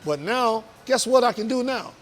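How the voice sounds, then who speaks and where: Guy, kinda high voice, fired up talking business in an interview. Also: lively intonation, normal speed. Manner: earnest, emphatic, motivational. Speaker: business owner guest. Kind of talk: casual interview talk.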